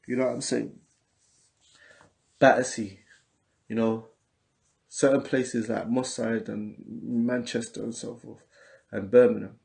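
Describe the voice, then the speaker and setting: This London-accented podcast host from England runs a casual livestream, reading out comments from viewers between loose chatter. He speaks at a medium pitch with a warm, creaky voice. Expect plenty of repetition and easygoing street slang.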